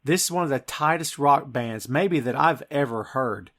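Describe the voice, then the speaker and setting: A man's voice: medium pitch, normal speed, fairly bright tone. A man hosting a podcast in casual chat, talking with gushing enthusiasm. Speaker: podcast host.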